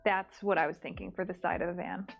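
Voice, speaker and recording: A woman co-hosting a comedy stream, chatting casually and encouraging her partner with quick, upbeat affirmations. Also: lowish voice, steady tone, creaky, faint music behind. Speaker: comedy show co-host. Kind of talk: casual chat.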